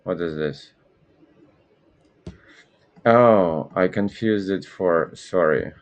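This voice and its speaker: A man's voice: deep voice, very slow, lo-fi sound. A man hosting a live trading stream, rambling and correcting himself in casual market commentary. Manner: rambling, self-correcting, apologetic.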